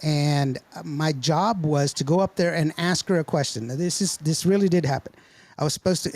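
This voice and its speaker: A man's voice: a little high, normal speed, darkish tone. A man from Texas hosting a casual chat, joking, telling stories and laughing often. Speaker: host.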